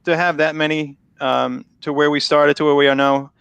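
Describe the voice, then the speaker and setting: A man with a Boston accent hosts a live football draft show, chatty and laughing easily as he reads picks. His voice sits a little high and sounds smooth and resonant. He is close on a dry mic. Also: little pitch movement, normal speed, a bit bright, no room sound, muffled recording. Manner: chatty, laughs often, restarts phrases. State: losing his voice. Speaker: host. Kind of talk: casual live draft commentary.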